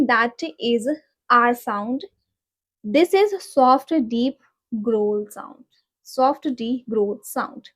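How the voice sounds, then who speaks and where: A young woman with an Indian accent teaching pronunciation in a casual vlog, repeating practice words slowly in a coaching tone. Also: high voice. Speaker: accent-learning vlogger.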